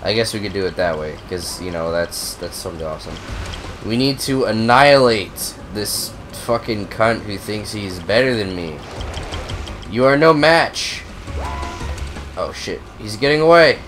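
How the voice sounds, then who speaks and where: A young man with a cold who coughs now and then, giving profane, excitable, rambling commentary on a racing game. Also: on the low side, moderate pace, faint music behind. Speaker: gaming video host. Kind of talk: casual gameplay commentary.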